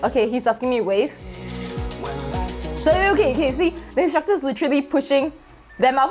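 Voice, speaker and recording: Young woman, gushing voice-over, bright higher voice, lots of fillers, soft music behind. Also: quick pace. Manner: gushing, exclamatory, many fillers. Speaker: vlogger. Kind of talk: excited voice-over commentary on own video. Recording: voice-over with faint background music.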